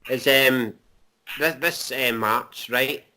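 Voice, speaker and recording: A man talks casually on a livestream in a bright, forceful voice. He jokes, swears freely and often restarts his sentences. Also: mid-range voice, takes it slowly. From Britain. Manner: jokey, swears, repeats words. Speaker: co-host.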